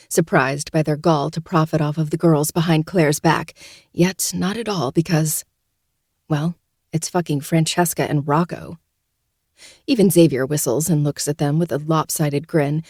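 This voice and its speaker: A woman's voice: low-pitched, fairly even intonation, measured pace, a little mellow, slightly rough, no echo. A woman podcast host narrating a novel in the first person, in a dry, sardonic manner. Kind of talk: audiobook narration.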